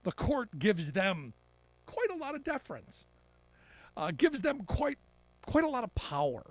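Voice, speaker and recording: A man giving animated political commentary on a talk radio show, often mocking politicians in imitation. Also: very high-pitched, measured pace, dry recording.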